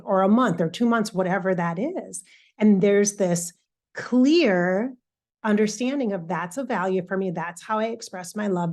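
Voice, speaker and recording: A woman's voice: medium pitch, darkish tone. A woman, an intuitive coach, talking earnestly in a loose, repetitive monologue and acting out her own side of a chat with a friend. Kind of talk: reflective casual monologue.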